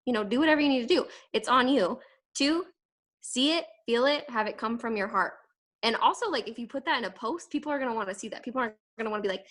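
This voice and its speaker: A young woman giving an energetic, emphatic motivational talk to her sales team, rambling quickly with fillers. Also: on the high side. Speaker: direct sales team leader. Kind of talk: casual motivational talk to camera.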